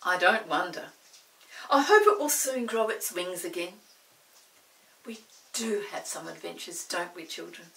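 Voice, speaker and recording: Older woman as a cheeky pixie, bright, lively, teasing, storybook. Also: lowish voice, a little slow, gravelly, pauses often, echoey room, far from the mic, exaggerated voice, rough recording. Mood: cheerful. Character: cheeky, cheerful young pixie boy.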